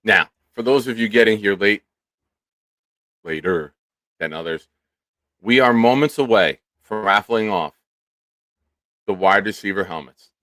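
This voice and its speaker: A man hosting a live sports fan stream, talking casually with bursts of loud mock cheering. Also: on the low side, unhurried, pauses often, dry recording, clean studio sound. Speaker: show host.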